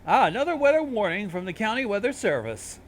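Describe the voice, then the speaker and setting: A man's voice: high voice, very animated, quick pace, noisy background. A man co-hosting a casual reaction chat, joking, swearing and reading on-screen text aloud. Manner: jokey, swears, laughs often. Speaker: co-host reacting to videos.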